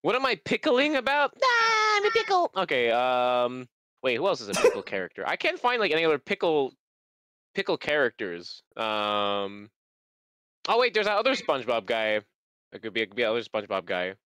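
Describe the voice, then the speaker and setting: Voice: medium pitch, big pitch swings, a little fast, fairly bright tone, clear, resonant tone, no echo. A streamer chatting casually while gaming, giggling often, rambling and swearing.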